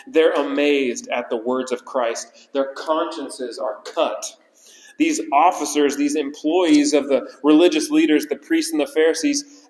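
A man preaching a sermon as pastor, repeating key phrases and slowing down to stress them. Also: medium pitch. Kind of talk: expository sermon. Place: church sanctuary. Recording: roomy church hall reverb.

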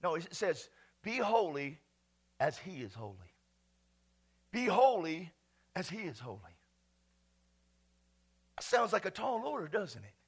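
A man pastor preaching a sermon, dropping to quiet asides and then rising to loud, ringing exclamations. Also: high voice, vocal fry, slightly rough.

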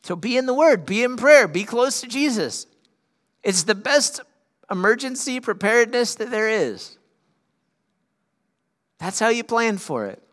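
A man preaching a sermon as pastor, swinging from loud, urgent peaks down to quiet, earnest lows. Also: very animated, measured pace, pauses often.

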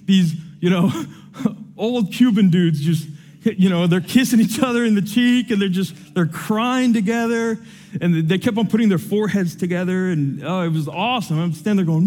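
A young man preaching to his congregation, his voice mellow and set a touch high for a man. He tells a story with lively swings in energy, then drops low and soft to pray. A faint musical instrument plays underneath. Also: normal speed, soft background music. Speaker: pastor. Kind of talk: sermon with personal story and prayer.

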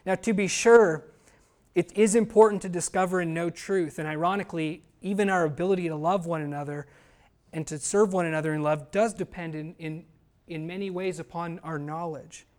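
A man's voice: fairly high pitch, moderate pace. Male pastor, earnest and emphatic sermon delivery, asks the room rhetorical questions.

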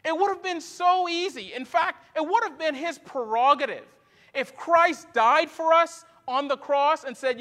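Bright high-voiced male preacher. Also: unhurried, big-room sound. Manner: conversational preaching with personal stories. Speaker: pastor. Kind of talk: sermon.

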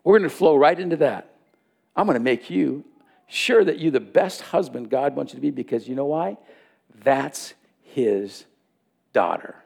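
A man's voice: medium pitch, creaky, a little mellow. A man preaching a sermon, telling a personal story and acting out the dialogue in it.

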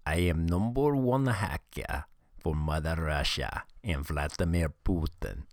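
A man's voice: low-pitched, no room sound, studio quality, full character voice. A man voicing a boastful male Russian hacker with a fake accent and broken English in a comedic podcast skit. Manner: gloating, mock-menacing, broken English.

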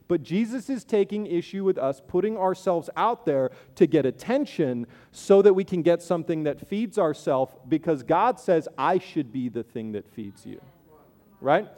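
A man's voice: fairly high pitch, mellow, big-room sound. A man preaching a sermon as pastor, conversational, with playful asides and acted-out voices of the people he describes.

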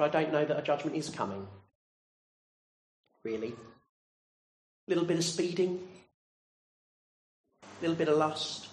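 A man's voice: fairly high pitch, darkish tone, slight background noise. A man preaching a sermon, earnestly putting direct questions to his listeners. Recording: roomy echo.

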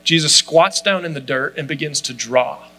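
Man, sermon, bright tense voice, slightly high, chatty with fillers. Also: expressive, normal speed, low-quality recording. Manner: conversational, frequent "like" fillers. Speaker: pastor.

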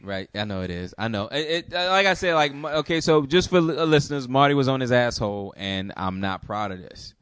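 A man hosting a podcast who tells a story in a rambling, profane, halting way. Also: mid-range voice, lively intonation, a bit bright, clean tone, no echo, clean studio sound. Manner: rambling, profane, hesitant with restarts. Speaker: podcast host. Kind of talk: casual storytelling.

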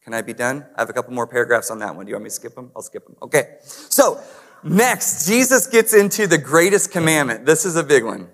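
A man's voice: mid-range voice, sing-song, fast, a bit bright. A man preaching a conversational sermon, talking straight to the congregation and asking them to respond. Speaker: pastor. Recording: long hall reverb.

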